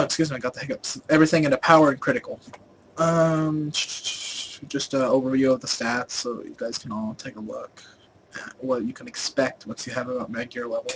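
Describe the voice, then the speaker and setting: A young man narrates a game guide in a loose, rambling way, filling gaps with ums and restarting his sentences. His voice sits at an ordinary mid pitch and swings between louder and quieter stretches. Faint game ambience hums underneath. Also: a little hiss or hum, low-quality recording. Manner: rambling, many fillers and restarts; volume rises and falls a lot. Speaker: gaming video host. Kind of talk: casual game guide voice-over.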